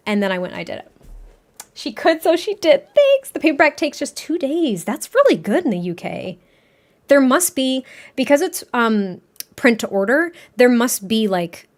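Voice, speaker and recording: A young woman from New England, a streamer and author, chatting excitedly and casually on a livestream, reading chat aloud and swearing now and then. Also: on the high side.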